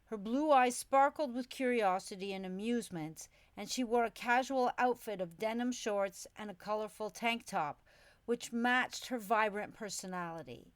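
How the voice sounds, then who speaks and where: A woman's voice: fairly high pitch, moderate pace, no room sound. A woman narrating her memoir in a reflective, storytelling manner, as an audiobook.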